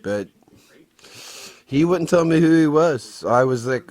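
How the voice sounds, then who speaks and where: A man's voice: on the high side, lively intonation, slow pace, a little mellow. A middle-aged man recounting a confrontation in a personal vlog, agitated and swearing often as he retells it. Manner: agitated, profane storytelling. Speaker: vlogger.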